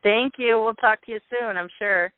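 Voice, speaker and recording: High-voiced male host over a phone line. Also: moderate pace, no room sound. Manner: chatty, plugging upcoming shows. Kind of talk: casual call-in show talk. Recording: dry tinny phone line.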